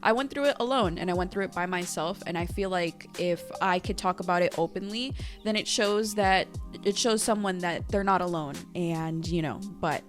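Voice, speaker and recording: A woman's voice: lowish voice, moderate pace, soft background music. A young woman talking in a casual review vlog, blunt and profane, who laughs often. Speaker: YouTuber reviewing a series.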